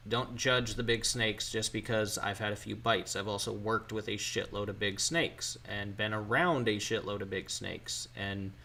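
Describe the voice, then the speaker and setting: A man's voice: mid-range voice, pushed and bright. A man hosting a casual livestream chat, telling candid stories and swearing freely as he answers viewers. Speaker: livestream host.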